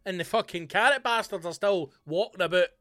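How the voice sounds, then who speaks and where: A man hosting a podcast, delivering a comic, sweary, animated rant. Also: high voice, fairly quick, no echo, studio quality. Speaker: podcast host. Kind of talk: comic ranting monologue.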